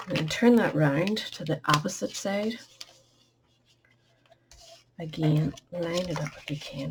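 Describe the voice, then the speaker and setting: Low gravelly woman teaching a craft. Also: mellow. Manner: chatty, instructive, drops to a murmur at times. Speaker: craft tutorial host. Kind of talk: step-by-step craft demonstration.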